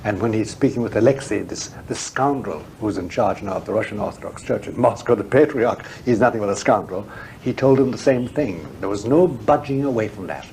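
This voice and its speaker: Man, interview guest, theologian, emphatic and frank, mellow warm tone, faint hiss behind. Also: lowish voice, expressive, brisk, poor audio. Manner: emphatic, forthright, repeats words when pressing a point. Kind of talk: frank, discursive interview talk.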